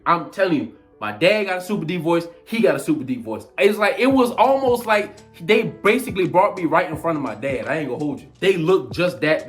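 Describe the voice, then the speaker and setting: Animated, slangy young man telling a story. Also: a little high. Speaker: vlogger. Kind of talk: storytime vlog.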